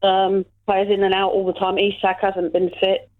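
A woman's voice: mid-range voice, monotone, normal speed. A woman caller talks hesitantly and uses many fillers. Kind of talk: casual phone-in chat. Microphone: telephone. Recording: tinny phone line.

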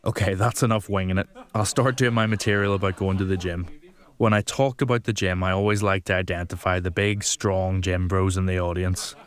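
A man giving calm, measured voice-over commentary between comedy clips. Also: sits low.

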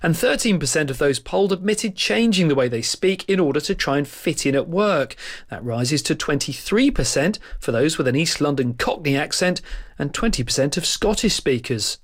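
A man narrating a news report in a measured, clear way. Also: fairly high pitch, expressive.

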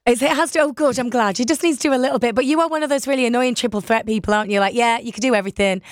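A woman's voice: high-pitched, rapid-fire, no room sound, clean studio sound. A woman interviewer asking questions with gushing enthusiasm and laughing along with her guest. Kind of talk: casual interview chat.

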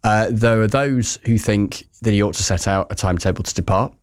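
A man's voice: on the low side, a little fast. A man, a political correspondent chatting on a news podcast, with a throat scratchy from pollen. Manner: chatty and discursive, with many fillers. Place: Westminster.

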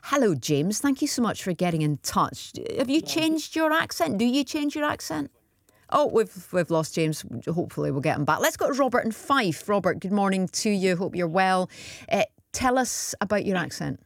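A woman's voice: medium pitch, big pitch swings, moderate pace, gravelly, no room sound, clean studio sound. A woman hosting a radio phone-in, friendly and encouraging, often giving short agreements.

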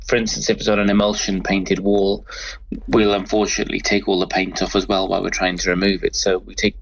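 A man's voice: low-pitched, little pitch movement, fairly quick, gravelly, highs cut off. A man working as a crime scene cleaner, explaining his work in an interview, often stumbling and repeating words. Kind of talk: interview guest answering.

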